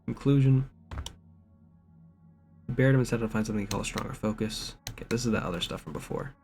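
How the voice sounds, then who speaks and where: Young dude streaming a game, low-ish gravelly voice, joking around, keyboard clacking and noise behind. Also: male voice, fast talker, darkish tone, faint music behind. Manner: joking, reads game notes aloud, rambling. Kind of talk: casual let's-play commentary. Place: home streaming setup. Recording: background noise with keyboard typing.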